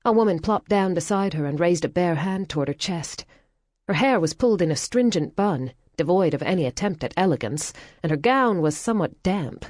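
A woman narrating a novel in a measured, wry storytelling manner. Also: low voice, a little mellow, dry recording, clean studio sound. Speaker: audiobook narrator. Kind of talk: scripted narration.

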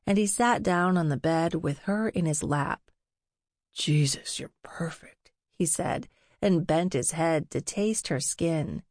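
In a clean studio recording with no room sound, a woman narrates a novel aloud as an audiobook narrator. Her voice is lowish and a little mellow, and her scripted reading is measured and unhurried.

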